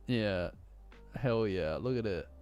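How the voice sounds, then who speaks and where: A man's voice: on the low side, expressive, takes it slowly, a little mellow, clear, resonant tone. A man from Nottingham with a Nottingham accent, chatting casually on a live stream and reading to his chat, rambling and easily distracted, poking fun at himself. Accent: Nottingham English. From Nottingham, England. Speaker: streamer reacting to a manga chapter with chat. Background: faint lofi background music.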